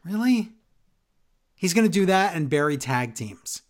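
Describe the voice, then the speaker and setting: A man's voice: a little high, expressive, normal speed. A man co-hosting a podcast, ranting sarcastically in a casual wrestling recap. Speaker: podcast co-host.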